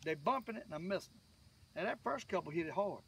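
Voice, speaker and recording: A man's voice: high voice, lively intonation, quick pace, creaky, fairly bright tone, breathy edge. An older man with a Southern US accent, chatting in a folksy, rambling way to viewers while fishing from a boat on a lake. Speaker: fishing vlogger. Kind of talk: casual fishing vlog talk. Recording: distant mic, faint outdoor ambience.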